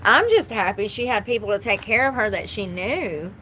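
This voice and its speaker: A woman's voice: medium pitch, lively intonation, moderate pace, bright, forceful tone, a little hiss or hum, low-quality recording. A woman chatting casually on a live stream outdoors, blunt and thinking aloud as she talks. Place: outdoors near traffic.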